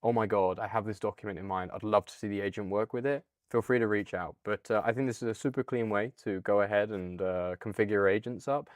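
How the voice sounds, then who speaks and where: A man with a British accent hosting a casual, upbeat software walkthrough, chatty with a few fillers. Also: lowish voice, fairly even intonation, quick pace, few pauses, no echo, clean studio sound. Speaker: product demo host.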